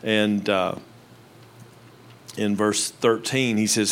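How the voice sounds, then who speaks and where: An older man preaching from the pulpit with a handheld mic, his voice sitting fairly high and ranging widely in pitch. He drops to low, quiet asides and then comes back loud and emphatic, keeping the sermon lively. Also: measured pace. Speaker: pastor. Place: church with live congregation. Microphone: handheld microphone.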